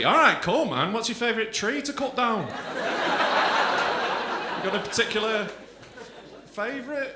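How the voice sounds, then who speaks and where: A man's voice: sits high, noisy background. A man doing crowd work as a stand-up comedian, brash, sweary and teasing. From England. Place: comedy club stage. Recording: roomy club with crowd laughter.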